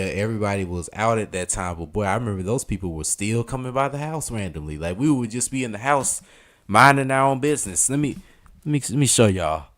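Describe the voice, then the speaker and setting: A man's voice: on the low side, fairly bright tone. A man in his thirties with a thick Southern US accent, rambling casually to his live-stream chat, full of slang and fillers.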